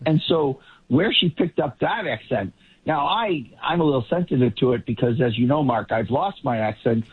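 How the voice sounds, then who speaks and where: A man commenting on politics in a casual panel talk, rambling with quick asides. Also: mid-range voice, lively intonation, slightly rough. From Boston area. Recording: tinny phone-like line.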